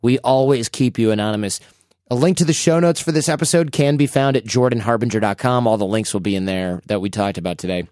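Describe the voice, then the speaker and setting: A man's voice: medium pitch, fast talker, darkish tone, no echo, studio quality. A man hosting a podcast, chatting casually and telling stories animatedly. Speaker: podcast host.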